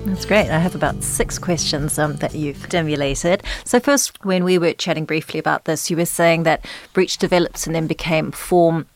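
A woman hosting a podcast, asking long, measured interview questions. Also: low voice, soft background music. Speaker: podcast host.

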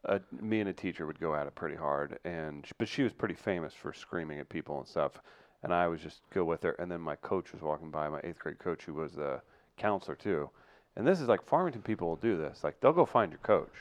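A man's voice: low voice, a little fast, no room sound. A man in his thirties telling school stories in casual chat, acting out the people in them. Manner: animated, acts out voices in his stories.

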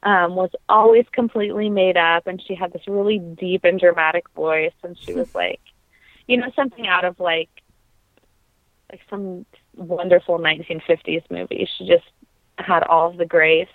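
A woman's voice: on the low side, fairly even intonation, moderate pace, dry recording. A woman in her thirties, a guest on an interview podcast, telling her story in an earnest, reflective way with frequent ums. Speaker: podcast guest, opera singer. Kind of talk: conversational interview. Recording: tinny phone-like line.

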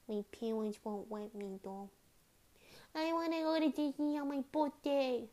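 A small chibi baby girl with a lisping speech impediment and a high, childish voice, as a teenage girl puts her on. She whines and babbles in a simple, cutesy way. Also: warm tone. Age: teens.

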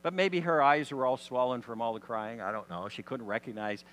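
A man's voice: mid-range voice, fairly quick, fairly bright tone. A man preaching a sermon in a conversational storytelling style, full of rhetorical questions, in a church hall. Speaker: pastor. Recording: long hall reverb.

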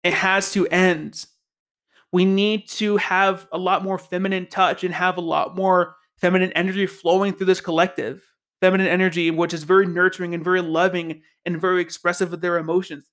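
High-voiced passionate male podcast host. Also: a bit bright. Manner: passionate, emphatic and repetitive. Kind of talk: casual spiritual podcast monologue.

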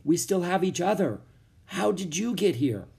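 A man's voice: high-pitched, lively intonation, normal speed, vocal fry, slightly rough, pitched above the performer's own voice, full character voice. A man reading a storybook aloud and voicing an injured young husband who speaks weakly. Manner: weak, soft.

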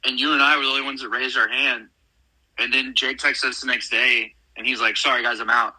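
Laid-back young Texan man, bright voice. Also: medium pitch, level tone, fairly quick, slightly rough, dry recording, poor audio. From Texas. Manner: laid-back, jokey storytelling. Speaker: podcast co-host. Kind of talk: casual chat.

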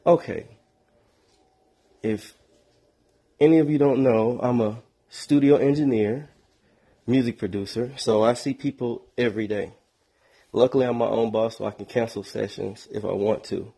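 A man's voice: medium pitch, steady tone, normal speed, gravelly, long pauses, mellow, breathy edge. A man, a music producer, casually telling a story about being sick with a sinus infection. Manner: laid-back, acts out calls.

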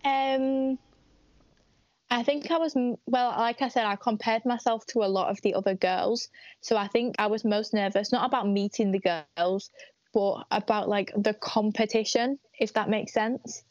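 A woman's voice: fairly high pitch, steady tone, normal speed, a little mellow, no echo. Chatty teenage girl on a dull dry stream. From United Kingdom. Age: teens. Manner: chatty, hesitant with many ums and likes. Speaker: interview guest, teen pageant winner. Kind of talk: casual live interview.

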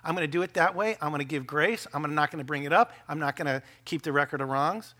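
A man preaching a sermon as pastor, animated and joking with the congregation, acting out quoted voices of people arguing. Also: on the high side, quick pace.

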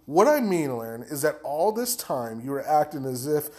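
Guy putting on a sharp scornful young woman, teasing, a bit higher pitched. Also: sing-song, moderate pace.

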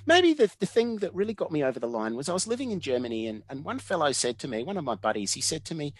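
Guesting on a casual interview, an Australian man in his fifties recounts tales from his career in a slightly high voice and at a quick pace. He stays animated throughout, laughing frequently and performing the lines other people said.

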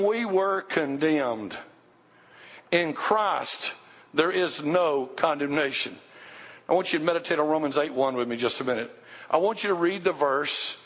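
A man with a high voice preaches a sermon in a church, emphatic and direct, questioning his listeners as he goes. His voice rings with a long hall reverb. The recording is dull and lo-fi. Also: a bit bright. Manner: emphatic, asks the congregation questions. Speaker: pastor. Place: church sanctuary.

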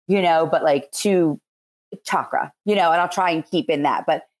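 A woman's voice: sits low, normal speed. A woman with a Philadelphia accent, a Reiki practitioner chatting as a podcast guest in loose, rambling explanations. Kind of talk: casual interview chat.

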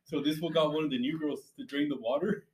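A man's voice: fairly high pitch, fairly even intonation, fast talker, echoey room, slight background noise, rough recording. A young man telling work stories among friends in a casual, slangy, profane way, laughing often.

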